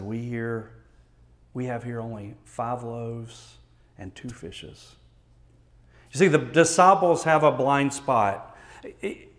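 A man with a Texan accent preaching a sermon as pastor, reading scripture aloud and explaining it with earnest emphasis, moving between loud stresses and quiet, low passages.

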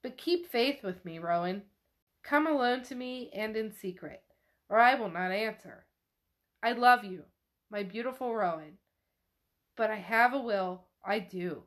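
A woman voicing a sad, possessive male demon spirit, reading his lines slowly in a plain, mournful voice in a podcast recap. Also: mid-range voice, animated, fairly bright tone. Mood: pleading.

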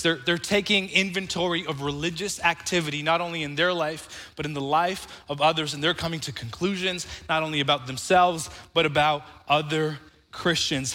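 A man's voice: sits high, pushed and bright, in a large hall. A man preaching a sermon as pastor, talking conversationally and calling on the congregation to answer back.

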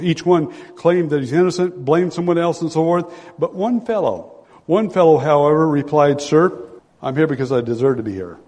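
An older man delivers a dramatic Sunday sermon, his slightly high voice rising into loud pleas and falling to hushed, low confessions. The sound carries a long hall reverb from a large sanctuary. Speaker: pastor.

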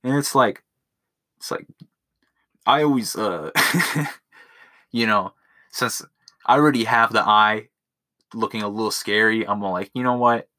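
A young man hosts a podcast by himself in his room, talking into a phone in a crude, profane, self-mocking ramble. His fairly low voice is bright and forceful, and he takes his time, pausing often.

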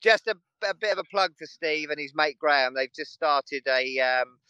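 A man's voice: fairly high pitch, moderate pace, sharp tone, clean tone, no echo, muffled recording. A man chatting casually as a guest on a live stream, friendly and rambling. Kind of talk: casual chat.

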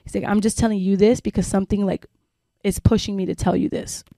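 A woman's voice: medium pitch, little pitch movement, fast, warm tone, dry recording. A woman co-hosting a chatty podcast, spinning a long personal story full of "like" and casual swearing. Her voice sits in a middle register. The recording is dry and close, with no room sound. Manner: rambling storytelling with many fillers and swearing. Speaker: podcast co-host. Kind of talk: casual chat.

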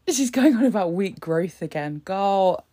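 A woman's voice: medium pitch, expressive, measured pace, mellow. A young British woman chatting sarcastically in a casual reaction video, laughing often. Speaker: vlogger.

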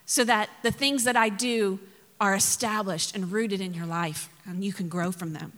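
A woman pastor giving a sermon, telling the story in a lively way with acted quotes and asides to the congregation. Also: mid-range voice, normal speed, in a large hall.

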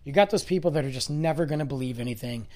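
A podcast host in their forties, slightly hoarse from losing their voice, talking in a rambling, speculative and emphatic monologue. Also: medium pitch, rapid-fire, darkish tone. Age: 40s. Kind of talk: casual monologue.

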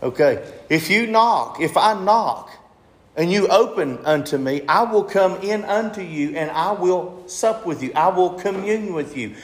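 A man's voice: sits high, lively intonation, unhurried. Man preaching in an echoey room. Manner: asks the congregation questions and repeats phrases. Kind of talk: sermon.

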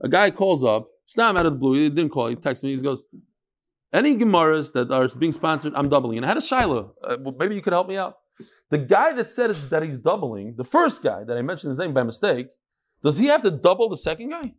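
A man teaching a lively Talmud class, joking with his students and mixing in Hebrew and Yiddish terms. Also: fairly high pitch, fast talker.

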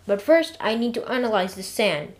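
A woman voicing a calm, matter-of-fact female robot computer who explains and lightly scolds. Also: mid-range voice, normal speed, lightly acted. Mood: scolding.

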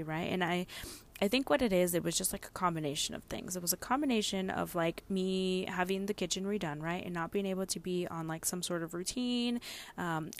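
Gravelly-voiced woman telling a story. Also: lowish voice. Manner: chatty, animated retelling with frequent "right?" and "like". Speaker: podcast host. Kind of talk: casual solo podcast storytelling.

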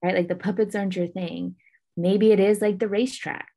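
A woman's voice: medium pitch, steady tone, fairly quick, creaky, mellow. A pregnant woman co-hosting a parenting podcast in a chatty manner, a bit winded, with many fillers. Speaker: podcast co-host. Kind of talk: casual chat on parenting.

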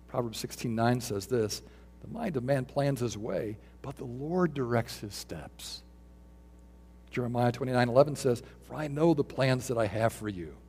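A man's voice: mid-range voice, darkish tone, breathy edge. A middle-aged man preaching an earnest sermon as pastor, reading scripture and quotations aloud.

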